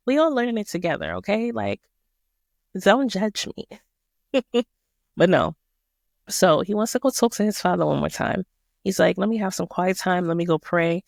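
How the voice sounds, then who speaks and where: A woman's voice: on the low side, gravelly, darkish tone, no echo, studio quality. A woman hosting a podcast, walking listeners through a Bible passage in a casual, slangy, emphatic way. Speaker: podcast host. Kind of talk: casual Bible study talk.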